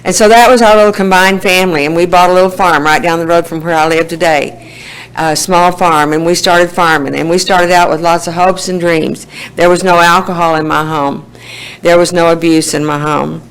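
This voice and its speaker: A woman's voice: lowish voice, fairly even intonation, normal speed, clean tone, rough recording. A woman in her sixties with an Oklahoma accent, telling her life story in a folksy way at a recovery meeting, laughing often. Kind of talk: personal testimony.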